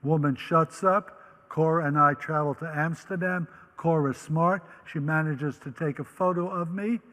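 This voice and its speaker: A man's voice: a little high, steady tone, a little slow, sharp tone. Older man telling his story in a hall. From Netherlands. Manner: vivid storyteller who acts out quoted voices. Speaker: Holocaust survivor speaker. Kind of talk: personal storytelling talk.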